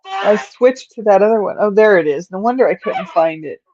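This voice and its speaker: A woman's voice: mid-range voice, expressive, a little fast, dark tone, no echo, highs cut off, soft background music. A woman hosting a casual livestream, rambling to her viewers and her cat, with a stuffed-up nose and sleepy yawns. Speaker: livestream host.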